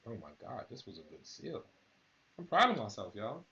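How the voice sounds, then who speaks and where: A man's voice: mid-range voice, big pitch swings, moderate pace, gravelly, pushed and bright, dull audio. A man hosting a live stream, talking casually and rambling straight to his viewers. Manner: laid-back, rambling, talks straight to viewers. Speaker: battle rap channel host.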